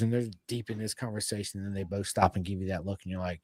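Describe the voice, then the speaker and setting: A man's voice: deep voice, steady tone, fast talker, few pauses, no echo. A man hosting a podcast, joking and easygoing in casual slangy chat. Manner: laid-back, joking, slangy. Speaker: podcast host.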